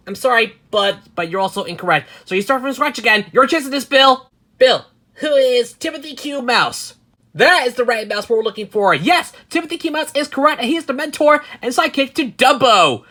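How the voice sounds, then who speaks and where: Bright upbeat homemade quiz host. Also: mid-range voice. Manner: upbeat quiz-host patter, frequent restarts and repeated words. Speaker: quiz show host and channel creator. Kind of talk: hosting a homemade quiz show, voicing the contestants too.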